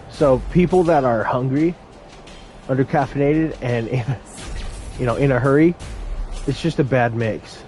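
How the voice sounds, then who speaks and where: A young man tells work stories in a brash, animated way, his voice sitting at a middle pitch. He acts out the confrontations as he tells them. Faint music plays under his voice. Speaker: fast food worker. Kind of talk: casual storytelling vlog.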